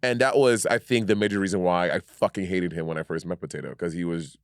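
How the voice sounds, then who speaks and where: A man's voice: sits low, quick pace, clean tone, dry recording, studio quality. A man co-hosting a podcast in casual, playful chat, laughing often and rambling through his thoughts. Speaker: podcast co-host.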